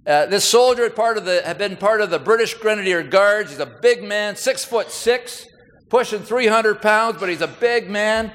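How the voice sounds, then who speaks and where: Guy giving a talk, pretty high voice, lots of hall echo, chatty storyteller. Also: moderate pace, fairly bright tone. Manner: conversational, folksy storyteller. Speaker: senior military leader. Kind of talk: public speech with anecdotes. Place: large hall with audience. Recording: reverberant hall.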